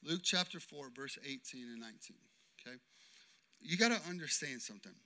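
A man preaching a sermon as pastor, impassioned and swinging between loud declarations and hushed storytelling. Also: medium pitch, lively intonation, brisk.

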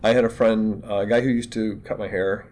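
A man's voice: on the low side, steady tone, fairly quick, darkish tone. A man chatting casually on a podcast, rambling through anecdotes and acting out the voices of the people he quotes. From Los Angeles area. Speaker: podcast host. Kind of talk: casual chat.

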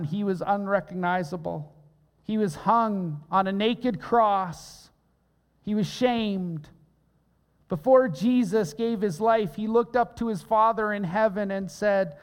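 Male pastor, unhurried emphatic sermon delivery, long hall reverb. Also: high-pitched, clear, resonant tone. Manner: earnest, emphatic preaching with repeated phrases.

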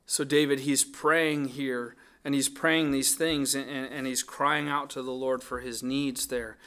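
A man delivers a sermon in an earnest, thoughtful manner. His voice sits at an ordinary middle pitch, and he often restarts his phrases as he reasons his way through the text. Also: level tone, measured pace, bright, forceful tone, smooth. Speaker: pastor. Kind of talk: sermon on a psalm.

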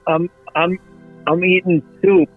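Man, caller, deadpan, slightly high voice, tinny phone line, faint music. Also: slow pace, breathy edge. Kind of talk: casual call-in chat.

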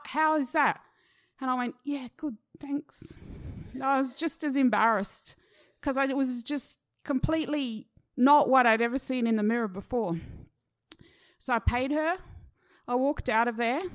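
A middle-aged woman tells a personal anecdote with a slightly higher voice. She is chatty and pokes fun at herself. She brings quoted people to life with quick voices. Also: pushed and bright. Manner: chatty, self-mocking, acts out quoted voices. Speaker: storyteller. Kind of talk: personal story told to an audience.

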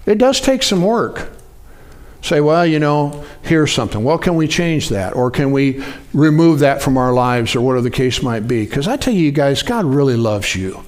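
A man preaching a sermon in a conversational way, often asking the congregation to respond. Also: a little slow. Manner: animated, jumps up in pitch for acted-out quotes. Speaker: pastor.

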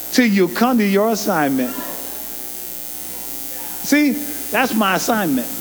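A man preaching a sermon, emphatic and folksy, with loose colloquial grammar and call-and-response to the congregation. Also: high voice. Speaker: pastor. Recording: long hall reverb with faint mains hum.

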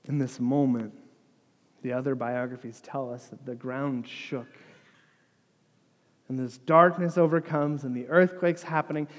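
A man preaching a sermon, retelling the story dramatically, dropping to a hush and swelling louder by turns. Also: medium pitch, steady tone, unhurried, pauses often. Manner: dramatic storytelling, dropping to a hush for quoted words, rising for crowd lines. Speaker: pastor. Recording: long hall reverb.

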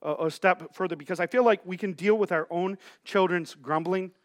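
A man's voice: high-pitched, normal speed. A middle-aged man preaching a sermon as pastor, casual and joking, often restarting his sentences.

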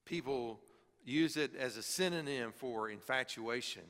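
A middle-aged man preaching a sermon as pastor, earnest, swinging from emphatic high peaks to quiet low drops. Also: measured pace. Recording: long hall reverb.

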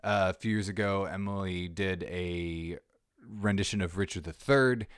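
Podcast host, man, deep voice, loose talky delivery, dry sound. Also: fairly even intonation, normal speed, clean tone, no echo. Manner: chatty, rambling with fillers and restarts. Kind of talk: casual podcast chat. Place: small black box theater backstage. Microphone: portable recorder.

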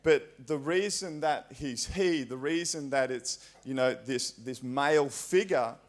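Australian male preacher, mid pitch, earnest and chatty delivery, church setting. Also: a little slow. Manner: conversational, earnest, frequent fillers. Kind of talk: sermon.

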